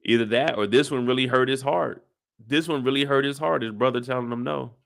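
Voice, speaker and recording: A man giving a casual recap of a TV episode in animated, heavily slangy talk, swearing freely. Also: mid-range voice, a little fast, gravelly. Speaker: show recap youtuber.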